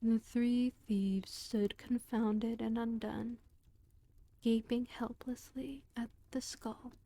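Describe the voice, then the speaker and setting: A woman reads a storybook in a whispered role-play, her whisper very slow and unhurried. Her voice sits slightly high, and the close microphone catches it dry, with no room sound. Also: level tone, no room sound. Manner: whispered, slow, gentle reading.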